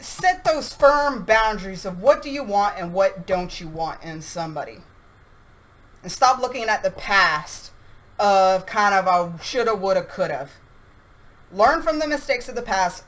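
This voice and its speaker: Woman tarot reader, chatty and animated, speaks casually to her viewers at an average pitch. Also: rough recording. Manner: chatty, animated, talks straight to viewers with acted asides. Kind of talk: casual tarot reading to camera.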